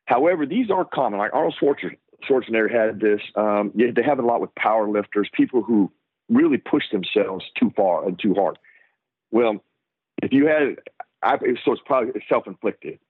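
Low-voiced man on a tinny phone line. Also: moderate pace, dry recording. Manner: animated storyteller who acts out the lines of others. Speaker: guest, former football player. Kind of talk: casual storytelling interview.

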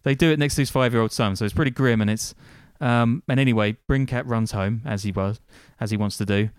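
A man's voice: medium pitch, fairly quick, clean tone, no echo. A man hosting a podcast, recounting events from notes in a casual, wry way with dry asides and frequent ums. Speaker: podcast host.

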